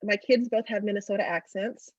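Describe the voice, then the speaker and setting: A woman's voice: a little fast, no echo. Woman, middle-aged, author guest, chatty storyteller, dry dull video-call sound. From Oklahoma. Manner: animated storyteller, acts out dialogue with big pitch jumps. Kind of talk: casual interview storytelling.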